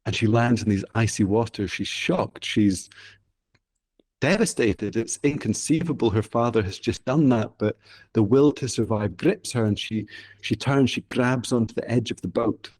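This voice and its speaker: In this interview, a storyteller guest from Scotland recounts a traditional tale in his Scottish accent. His voice is mid-range and darkish at a moderate pace, and the telling is vivid and rhythmic, with phrases repeated for effect.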